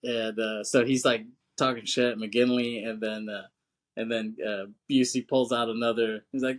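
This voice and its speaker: A man's voice: mid-range voice, level tone, normal speed. Laid-back, slangy man on a podcast. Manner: laid-back, slangy, swears, laughs often. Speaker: podcast co-host. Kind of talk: casual film chat.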